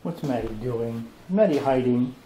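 A man's voice: medium pitch, expressive, measured pace. An older man, a grandfather, talking playfully with small children at home in a coaxing, sing-song way. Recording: noisy home video.

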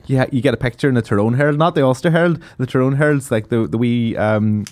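A man's voice: medium pitch, fast talker, a little mellow, dry recording. A man from Northern Ireland with its accent, a guest on a casual podcast, rambling and laughing as he jokes around. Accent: Northern Irish. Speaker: podcast guest, DJ and radio presenter.

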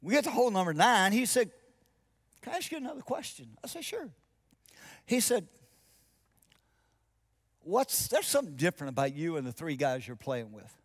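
A pastor with a voice that sits high recounts a story in his sermon, very animated and at normal speed, broken by long pauses. He acts out both halves of a conversation and lowers to soft, intense tones for key points.

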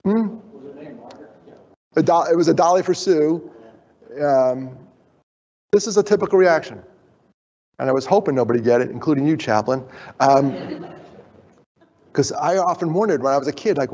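A man's voice: a little high, expressive, moderate pace, long pauses, a little mellow. Middle-aged man speaking in an echoey hall. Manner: jokey, draws in the audience, then turns earnest. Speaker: keynote speaker. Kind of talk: motivational conference talk. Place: conference hall. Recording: dull, echoey hall sound.

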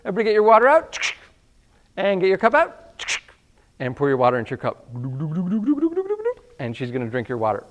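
A man's voice: medium pitch, fairly quick, pauses often, narrow, tinny audio. A man hosting a children's music show, coaxing kids to repeat lines after him in a call-and-response lesson. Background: instruments playing.

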